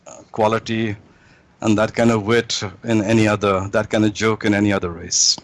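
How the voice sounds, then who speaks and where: A man's voice: on the low side, level tone, moderate pace, low-quality recording. A man guest in an interview, telling jokes in a rambling way with many restarts.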